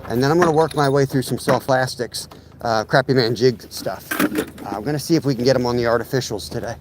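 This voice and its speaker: Outdoors by a lake, a man hosts a live ice fishing stream for his fishing channel, losing his voice as he chats casually. He talks fast at medium pitch, easygoing as he explains his gear while setting up and walks through his plans, with noise in the background.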